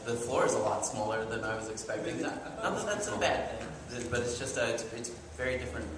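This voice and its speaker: A man's voice: mid-range voice, animated, fast, background noise. A man as a guest on a live panel, answering hesitantly with fillers, recorded from afar in a convention hall. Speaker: podcast guest. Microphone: far camcorder. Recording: distant voice in a reverberant hall.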